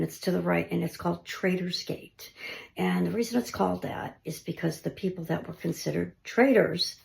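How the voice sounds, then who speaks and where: A woman investigating the paranormal, talking casually through her recordings and often dropping to a hushed near-whisper. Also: lowish voice, vocal fry. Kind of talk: casual narration of ghost-hunt recordings.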